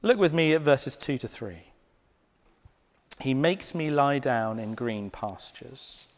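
A man preaching a sermon in a church, slow and deliberate, dropping to hushed, near-whispered emphasis. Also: mid-range voice, expressive. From Britain. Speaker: pastor. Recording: long reverb of a church hall.

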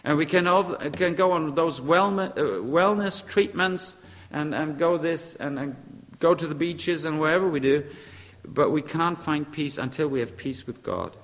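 A male preacher delivers a sermon in a slightly higher-than-usual voice. He drives his points home with short repeated phrases and sometimes pauses to hunt for an English word. His voice carries a long reverb, as if in a big hall. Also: a bit bright.

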